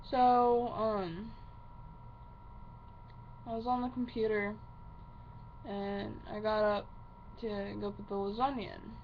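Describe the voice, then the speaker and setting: A woman's voice: mid-range voice, little pitch movement, slow, pauses often. Swearing, ranting woman on a muffled recording. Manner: heavy swearing, fiery and upset. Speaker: vlogger. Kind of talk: angry personal rant to camera. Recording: muffled lo-fi recording with faint hiss.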